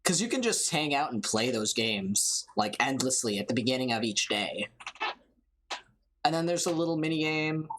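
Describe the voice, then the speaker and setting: A let's play streamer chatting through a game and reading its dialogue aloud, animated and self-mocking, with a voice strained from yelling. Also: medium pitch, moderate pace, background noise.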